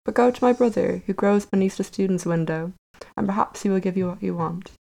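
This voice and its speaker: A woman voicing a vain rose tree with yellow blooms in a storybook tale, speaking in a lilting, poetic way. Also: medium pitch, steady tone, fairly quick, gravelly, lightly acted, rough recording.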